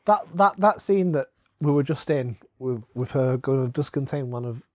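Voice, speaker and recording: A man's voice: mid-range voice, lively intonation, moderate pace, a little mellow, dry recording. A young man co-hosting a casual, comedic film commentary, joking and laughing often. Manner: jokey, laughs often, does silly quoted lines.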